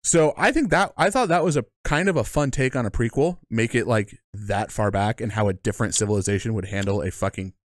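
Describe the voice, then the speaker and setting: A man's voice: fairly low pitch, a little fast, hardly any pauses, no room sound. Blunt, opinionated podcast co-host, man. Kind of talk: casual chat.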